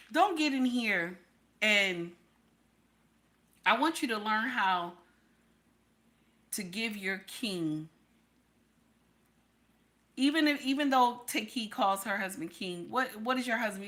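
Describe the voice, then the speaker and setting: A woman with a slightly high voice and fairly bright tone hosts a live stream advising women. Talking to her chat and reading out names, she gives blunt, preachy advice and repeats herself for emphasis.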